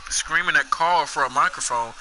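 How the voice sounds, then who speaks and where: A man's voice: a little high, moderate pace, poor audio. Young man rambling over gameplay. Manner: rambling, joking, self-mocking. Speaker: gameplay commentator. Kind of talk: casual gameplay commentary.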